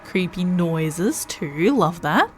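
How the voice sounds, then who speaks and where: Slow, musing woman streaming a game. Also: on the low side, sing-song, a little hiss or hum. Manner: thinking aloud, musing to herself. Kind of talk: casual gameplay commentary.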